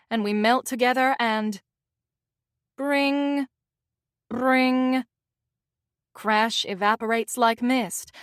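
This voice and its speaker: A young woman with a light Southern accent reads a first-person romance audiobook in a wry, self-mocking voice. Her pitch sits on the higher side, and the recording is dry and close. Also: a bit bright, no echo. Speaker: audiobook narrator.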